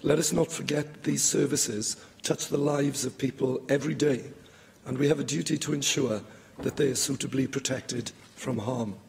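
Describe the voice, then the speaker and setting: A man, a government minister who is losing his voice, giving a measured, formal speech in a debating chamber. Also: mid-range voice, fairly even intonation, gravelly, darkish tone, a little hiss or hum. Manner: measured, formal delivery with a light joke.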